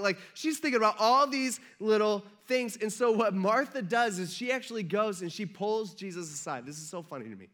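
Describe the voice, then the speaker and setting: A man preaching a relaxed sermon, his voice sitting high for a man. He talks in an easy, joking way and keeps turning to his listeners with quick check-ins. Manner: conversational, jokey, checks in with the audience. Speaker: pastor. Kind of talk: casual sermon.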